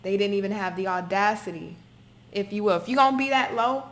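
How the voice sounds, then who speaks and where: A woman's voice: mid-range voice, brisk. Emphatic woman giving a tarot reading. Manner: emphatic, repetitive, swears freely. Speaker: tarot reader. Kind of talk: spoken tarot reading to camera.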